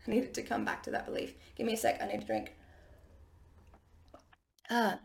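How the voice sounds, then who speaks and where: A woman business coach with a husky morning voice, talking to listeners in a chatty, encouraging way. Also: a little high, very animated, very fast. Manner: chatty and encouraging, with frequent restarts. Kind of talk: casual solo podcast talk.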